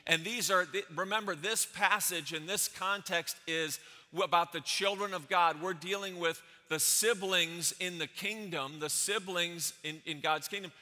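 A pastor preaching a sermon, stressing his points with repeated phrases and sudden swings between loud and soft. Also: sits high, moderate pace, big-room sound.

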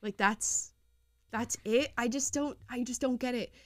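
A woman's voice: on the high side, fairly even intonation, a little slow, no echo, clean studio sound. A young woman hosting a podcast, making sarcastic commentary on video clips and often breaking into laughter. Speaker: podcast host.

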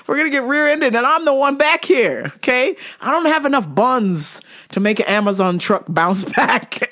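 A woman's voice: high-pitched, animated, a little slow, fairly bright tone. A woman host telling a story in a casual, profane way, laughing often. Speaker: podcast host.

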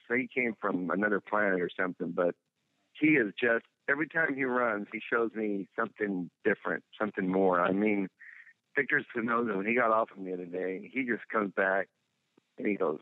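Male horse trainer, low voice, rambling phone interview, tinny line. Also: no room sound. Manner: rambling, halting, full of "you know" restarts. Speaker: racehorse trainer.

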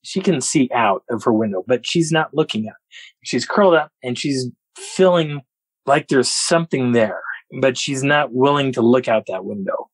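Husky man telling a story with vivid sound effects. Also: medium pitch, moderate pace, dry recording, rough recording. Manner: animated, acts out sounds and quotes. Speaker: guest. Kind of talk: storytelling a personal encounter.

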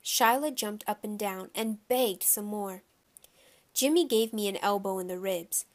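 A woman narrating a children's novel in the first person, with lively storytelling. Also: medium pitch, a little slow. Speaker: audiobook reader.

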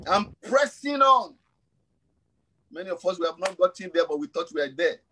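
Emphatic high-voiced preaching pastor in his fifties. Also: animated, moderate pace, bright, forceful tone, a little hiss or hum, low-quality recording. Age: 50s. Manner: emphatic preaching with repeated refrains. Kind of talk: sermon. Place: church.

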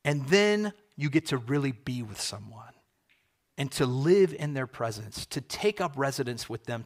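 A man preaching a sermon as pastor, earnest and emphatic, repeating key phrases and slowing down for effect. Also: medium pitch, animated.

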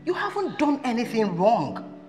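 A fiery Nigerian best friend. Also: female voice, fairly high pitch, big pitch swings, moderate pace, a little mellow. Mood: reassuring. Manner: mixes Nigerian Pidgin, scolding and emphatic. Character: Joy, a protective, outspoken female friend. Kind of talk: Nollywood film acting. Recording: echoey room with music underneath.

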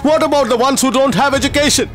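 An actor dubbing a film, playing an emotional middle-aged teacher who cares for poor orphans, speaking in a heartfelt, pleading way. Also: male voice, very high voice, fast talker, soft background music. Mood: bitter. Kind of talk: dubbed film acting.

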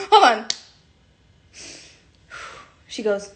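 A young woman rambles through a casual livestream chat on her phone, giggling and breaking off her own sentences. Her voice sits a little high for a woman. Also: slow, pauses often. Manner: giggly, rambling, self-interrupting.

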